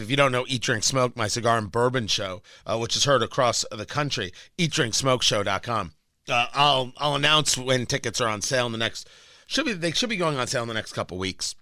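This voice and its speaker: A middle-aged man hosting a talk radio show, opinionated and animated, often restarting his sentences. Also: on the high side, dry recording. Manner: animated, opinionated, self-amused, frequent restarts. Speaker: radio and podcast host.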